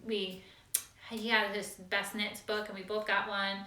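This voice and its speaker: Bright-voiced easygoing woman, roomy sound. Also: mid-range voice, level tone, unhurried. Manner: friendly, easygoing, with fillers. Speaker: co-host of a knitting show. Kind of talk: casual chat. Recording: echoey room, distant mic.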